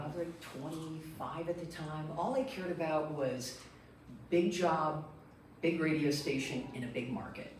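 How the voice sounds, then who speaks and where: A middle-aged woman from Michigan tells a personal story to a meeting group, animated and chatty, slipping into the voices of the people she quotes. She stands some way off the microphone, and the room around her is strongly echoey with a faint hum of noise. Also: low-pitched. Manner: lively, animated, acts out quotes. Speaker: guest speaker. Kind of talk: storytelling talk. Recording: echoey room, distant mic.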